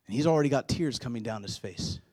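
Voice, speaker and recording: A man in his thirties preaching a sermon. He builds to loud, urgent climaxes, then drops to quiet, low-voiced passages. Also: expressive, quick pace. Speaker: pastor.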